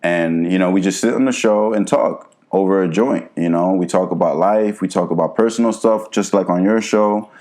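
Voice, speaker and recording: A man from New Jersey, a guest on a podcast, talking in a relaxed, laid-back way with lots of "you know". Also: low voice, moderate pace, hardly any pauses. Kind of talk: casual interview chat.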